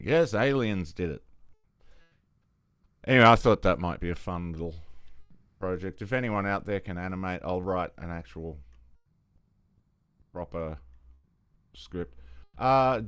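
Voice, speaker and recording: Male solo podcaster, low smooth voice, loose rambling delivery with swearing and restarts. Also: fairly bright tone, no echo, clean studio sound. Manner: rambling, profane, many restarts. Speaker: podcast host. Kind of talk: casual solo monologue.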